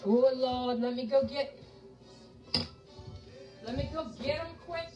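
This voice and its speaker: A woman's voice: high-pitched, slow, far from the mic, poor audio. A woman from Charleston with a Southern American accent, hosting a live cooking demonstration in a home kitchen and chatting folksily to her viewers as she cooks. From Charleston, South Carolina. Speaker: cooking show host. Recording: voice a bit off-mic with faint music behind.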